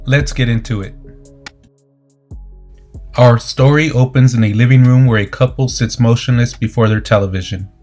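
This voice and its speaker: A man narrating a comic book story recap in a steady, dramatic scripted delivery. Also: medium pitch, normal speed, pauses often. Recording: faint music underneath.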